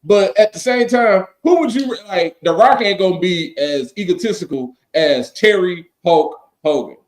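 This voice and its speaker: A man co-hosts a casual podcast chat, launching into animated, profane rants and quoting people in mock voices. He has a high voice and a moderate pace.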